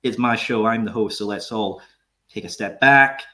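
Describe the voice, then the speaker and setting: Laid-back podcast host. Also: male voice, fairly low pitch, normal speed, bright, forceful tone. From Scotland. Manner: joking, laid-back, tries to keep the peace. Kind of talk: casual interview chat.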